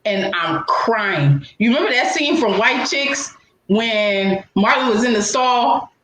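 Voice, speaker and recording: Woman telling a wild story, loud swoops, echoey room. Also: slow pace. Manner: animated, laughing storyteller with swooping pitch. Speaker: co-host. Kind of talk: casual storytelling.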